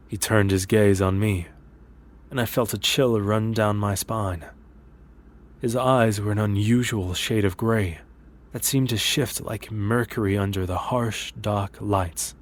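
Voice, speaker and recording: A low-voiced man reads a scripted horror story in the first person. His delivery is measured and steady, with a sober, deliberate pace through the tense scenes. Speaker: narrator.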